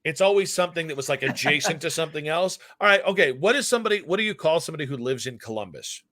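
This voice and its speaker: A young man co-hosting a sports podcast, talking in a bright, forceful voice that sits a bit high for a man. He tells stories animatedly, jumping up in pitch and volume when excited. The sound is close and dry. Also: rapid-fire, dry recording. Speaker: podcast co-host. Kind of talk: casual chat.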